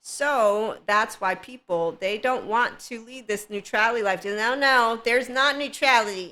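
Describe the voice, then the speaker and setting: Bright-voiced woman hosting a spiritual podcast. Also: a little high, unhurried. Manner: rambling, laughs often, sarcastic asides. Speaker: podcast host. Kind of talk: casual spiritual monologue.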